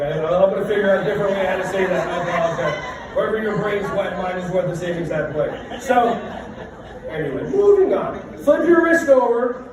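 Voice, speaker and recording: A man's voice: sits high, background noise. A middle-aged man leading a stretching workshop for a group, talking in a playful, joking, self-deprecating way. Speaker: workshop presenter. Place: large room with a live group. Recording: echoey room from a distant mic.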